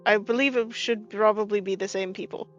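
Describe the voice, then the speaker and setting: A woman's voice: medium pitch, fairly even intonation, brisk, highs cut off, faint music behind. A woman playing a tabletop game, speaking earnestly and a little hesitantly. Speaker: player. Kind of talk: tabletop role-play chat.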